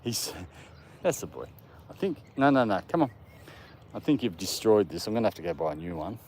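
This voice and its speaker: A low-voiced man chats easily on a live stream while he strolls through a park. His voice swings up into a bright sing-song when he talks to his dog. Faint outdoor noise sits behind him. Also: big pitch swings, a little fast. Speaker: vlogger walking his dog. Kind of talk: casual live-stream chat.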